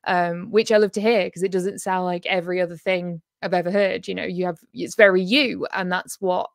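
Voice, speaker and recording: A woman's voice: lowish voice, steady tone, brisk, gravelly, no room sound, clean studio sound. A woman hosting an interview over a video call; she is encouraging, laughs often and talks casually. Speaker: host.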